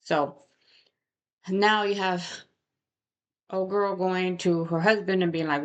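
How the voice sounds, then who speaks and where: A woman's voice: fairly low pitch, steady tone, slow pace, long pauses, highs cut off. A woman narrating a true crime case in a casual, conversational way, often tagging "right?" and adding indignant asides.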